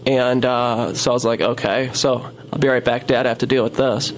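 A man's voice: medium pitch, flat delivery, brisk, slight background noise. A man telling a long story in casual chat, rambling with many fillers and restarts. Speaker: storyteller guest.

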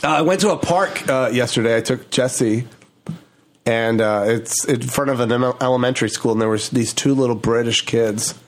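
A man's voice: medium pitch, moderate pace, a little hiss or hum. Young adult male co-host, casual rambling storyteller, heavy on filler words. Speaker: podcast co-host. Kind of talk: casual comedic chat.

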